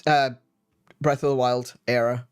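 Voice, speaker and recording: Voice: medium pitch, flat delivery, unhurried, smooth, soft background music. A stream host chatting casually, often restarting sentences and laughing.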